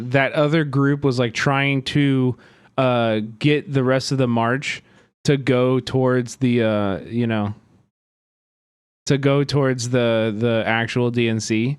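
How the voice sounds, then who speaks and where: A man's voice: mid-range voice, fairly even intonation, slow pace, clear, resonant tone, dry recording, clean studio sound. A man streaming live, telling a story in an agitated, profane way that rambles with many fillers.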